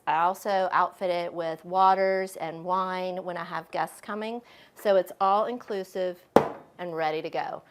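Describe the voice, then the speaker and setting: A middle-aged woman, chatting casually while she shows guests around her home, with lots of fillers. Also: medium pitch. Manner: chatty and friendly, with frequent fillers. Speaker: homeowner giving a home tour. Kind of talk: casual home tour chat.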